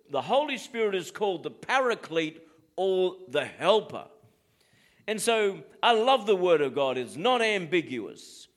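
A man's voice: high-pitched, a bit bright. A middle-aged Australian man preaching a sermon as pastor, in a plain-spoken, direct way.

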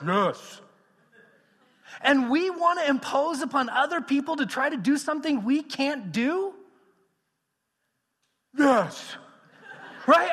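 A man preaching a sermon, animated and swinging between loud emphasis and hushed, near-whispered passages. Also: sits high. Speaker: pastor. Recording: long reverb of a large hall.

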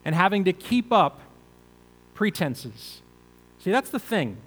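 A man's voice: high voice, very animated, slow, fairly bright tone, long reverb tail, poor audio. A male pastor preaching a conversational sermon, asking the listeners rhetorical questions.

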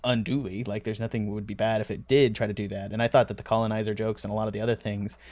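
A man's voice: on the low side, level tone, quick pace, a little mellow, no echo. A man in a casual podcast chat, rambling and hedging his points with many restarts and the odd swear word. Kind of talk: casual podcast film discussion.

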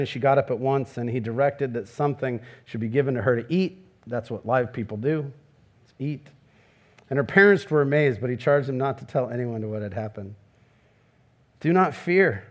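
A pastor preaching a sermon, dropping soft and low for quoted words, then rising high and excited with rhetorical questions, laughing at his own jokes.

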